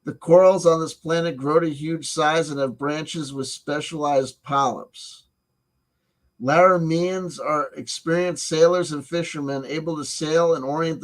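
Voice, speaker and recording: This casual tabletop supplement review comes from a man whose voice is slightly high and a bit bright. He reads passages out loud and cuts in with sarcastic, profane asides.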